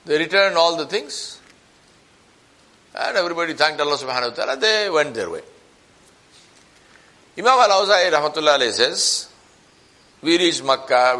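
A man preaching a sermon as a story, acting out the people in it with lively shifts of voice. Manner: animated, acts out quoted voices with rising pitch.

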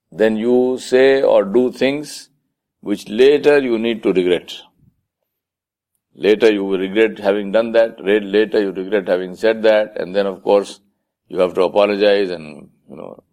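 A man's voice: fairly low pitch, darkish tone. A man giving an Islamic lecture in a conversational way, now and then acting out the voices of the people he quotes. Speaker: Islamic speaker. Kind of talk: sermon lecture.

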